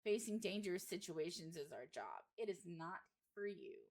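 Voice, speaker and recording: A woman voicing a calm, in-charge small-town male sheriff in a horror game, read plainly without a put-on accent. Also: high voice, normal speed. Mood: authoritative.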